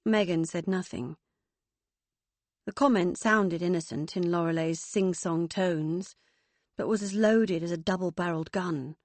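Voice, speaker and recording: A woman narrating a novel audiobook in a steady, even storytelling voice. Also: fairly low pitch, measured pace, no room sound. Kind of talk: scripted narration.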